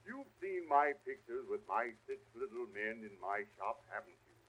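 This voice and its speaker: A man's voice: medium pitch, very animated, normal speed, fairly bright tone, breathy edge. A man playing an old, chuckling Santa Claus with a bad cold on a vintage radio broadcast, talking to children in a grandfatherly way. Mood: fatherly. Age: older. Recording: dull old radio recording.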